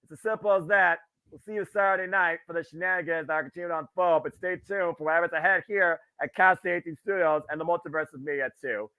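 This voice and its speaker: A man's voice: a little high, steady tone, fast talker, sharp tone, no room sound. A man co-hosting a wrestling show, giving a grandiose, theatrical sign-off speech. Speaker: wrestling commentator co-host. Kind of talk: casual chat.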